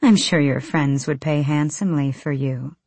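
A woman's voice: low-pitched, darkish tone, no echo. A woman voicing a cruel villainous princess who taunts her captives coldly and without hurry. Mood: taunting. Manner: taunting, cold, unhurried.

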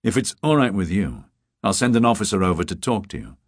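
A weary, terse police detective in an audiobook, voiced by the narrator. He talks low and clipped, in a deep voice. It is close and dry. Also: big pitch swings, fairly quick, slightly rough, no room sound, full character voice.

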